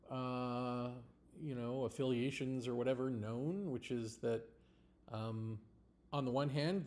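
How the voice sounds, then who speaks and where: This man speaks in a mid-range, slightly mellow voice. Hosting a livestream, he runs through a loose, blunt political monologue peppered with curses and laughs.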